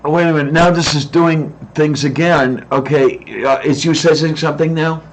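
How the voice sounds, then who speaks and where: A man's voice: fairly high pitch, fairly even intonation, moderate pace. A man hosting a casual online chat, easygoing and musing aloud as he talks. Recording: slightly dull lo-fi mic.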